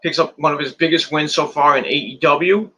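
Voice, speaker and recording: Bright-voiced man recapping wrestling. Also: a little high, fairly even intonation, brisk, a little hiss or hum. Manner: rambling, repeats words, restarts. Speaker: wrestling show reviewer. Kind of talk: casual play-by-play recap.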